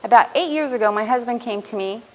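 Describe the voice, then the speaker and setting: A woman's voice: a little high, quick pace, rough recording. A woman in her fifties, a student speaker at a graduation, telling her own story in an earnest, heartfelt prepared speech. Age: 50s.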